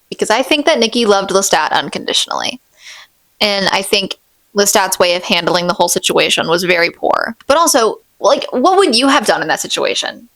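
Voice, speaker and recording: A woman's voice: medium pitch, lively intonation, fairly quick, a bit bright, no room sound. Dry, gushing woman fan vlogger. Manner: gushing and emphatic, repeats herself for stress. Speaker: book vlogger. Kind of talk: casual fan commentary reading book quotes.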